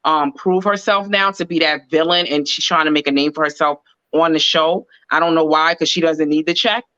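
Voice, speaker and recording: Bright-voiced woman in casual recap chat. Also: low-pitched, moderate pace, no echo, muffled recording. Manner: relaxed, lots of "like" fillers. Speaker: podcast co-host.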